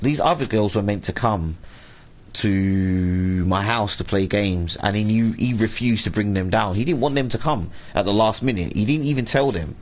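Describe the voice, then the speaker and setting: A man venting at length on a live stream, rambling and swearing as he quotes people in a raised voice. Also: fairly low pitch. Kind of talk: casual live-stream rant. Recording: dull lo-fi stream audio, faint room hum.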